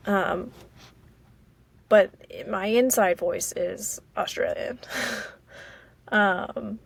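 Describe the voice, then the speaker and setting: American woman, podcast host, solo casual chat; slow, vocal-fry delivery, halting and rambling. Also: medium pitch, no room sound. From Maryland, US. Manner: rambling and halting, with many fillers.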